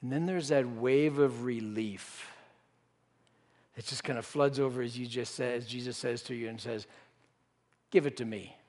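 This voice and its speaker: A man's voice: medium pitch, fairly even intonation, normal speed, darkish tone. A man preaching a sermon, telling a story and acting out the disciples' voices. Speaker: pastor. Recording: reverberant hall.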